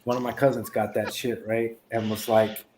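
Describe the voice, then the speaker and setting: A man's voice: medium pitch, flat delivery, normal speed, a little mellow. A male podcast host spins a profane story and drily teases his co-host. His voice sits mid-range, with a faint noise underneath the recording. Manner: profane storyteller, dry teasing. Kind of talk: casual chat.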